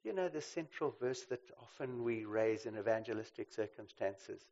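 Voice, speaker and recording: A man preaching a sermon. He swings between loud emphasis and quiet asides and keeps checking in with "right?". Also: on the low side, normal speed. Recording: slightly dull lo-fi recording.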